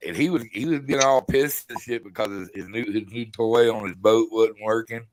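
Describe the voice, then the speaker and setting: A middle-aged man spins a rambling fishing story in loose, folksy slang. His voice sits low, and the sound is dry and close. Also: fairly quick, dry recording, poor audio. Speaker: guest. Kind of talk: casual live-stream chat.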